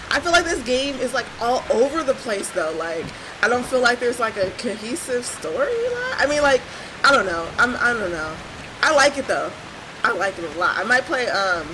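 Young woman streamer cussing through a horror game, kinda high voice, noisy background hiss. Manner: chatty, swears a lot, talks to viewers; jumpy, shrieks when startled. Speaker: gaming streamer. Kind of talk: horror game let's play commentary.

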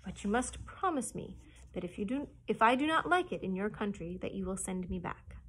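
A woman's voice: medium pitch, animated, a little fast, breathy edge. A woman voicing a shy, courteous two-headed creature in a storybook read-aloud. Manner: timid, courteous.

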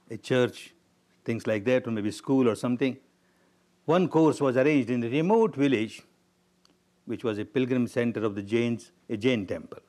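A man's voice: medium pitch, a little mellow. Man giving an emphatic meditation talk. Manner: emphatic, repeats key words for stress. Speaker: meditation teacher. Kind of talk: spiritual discourse with storytelling.

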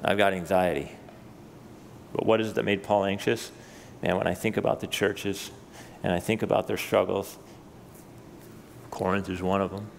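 A man's voice: low voice, moderate pace, vocal fry, long pauses, a little hiss or hum. Male pastor preaching in a reverberant church. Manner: animated preaching, voice rising for quoted scripture; conversational asides to the congregation. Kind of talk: sermon. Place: church sanctuary.

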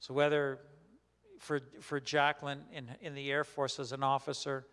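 A man leading a Bible study as a pastor, teaching in a conversational, halting way with many restarts and questions put to the group. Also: medium pitch, monotone, fairly bright tone, smooth, in a large hall. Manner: questions the group and repeats their answers.

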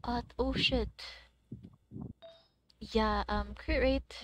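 A young woman, livestreaming a game in casual chat, excitable and cursing with sudden loud outbursts. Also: a little high, drawn-out words, slight background noise. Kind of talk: casual gaming stream chat.

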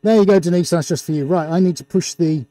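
A man's voice: a little high, fast. Hyped man hosting an art livestream. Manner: hyped, showman-like, reading out viewer shout-outs. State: talking through a face mask. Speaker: livestream host and painter. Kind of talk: excited live-stream commentary. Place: indoor art studio.

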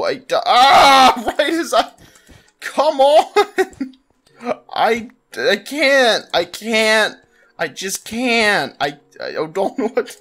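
A man narrating his gameplay in an unhurried, drawn-out delivery. His voice sits high and bright, and he keeps exclaiming in exasperation, with laughs and sighs breaking through. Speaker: gaming channel host. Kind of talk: let's play commentary.

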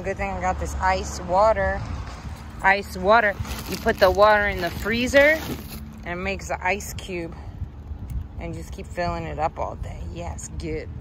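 Woman vlogger, casual and chatty, coos at dogs; noisy outdoor audio. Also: on the low side. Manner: chatty, talks to her dogs in a cooing baby voice. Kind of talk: casual vlog chat. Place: outdoors at a dog park.

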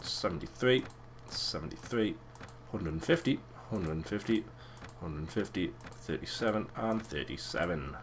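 A young man giving casual, crude and excitable commentary over a video game. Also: lowish voice, a little slow, slight background noise. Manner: crude, swearing, excitable and joking. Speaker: let's play gamer.

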